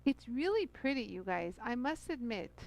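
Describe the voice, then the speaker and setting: A woman's voice: on the high side, very animated, normal speed, creaky, a little mellow, low-quality recording. A middle-aged woman hosting a live-stream jewelry tool demo, bubbly and chatty, full of fillers and calling out to viewers. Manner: bubbly, chatty, many fillers, addresses viewers as "you guys".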